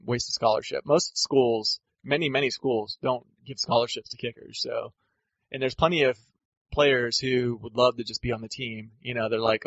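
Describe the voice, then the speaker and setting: A man's voice: medium pitch, fairly even intonation, moderate pace, fairly bright tone, dry recording. A man co-hosting a casual sports podcast, ranting and rambling in an exasperated way. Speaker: podcast co-host. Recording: dull lo-fi dry audio.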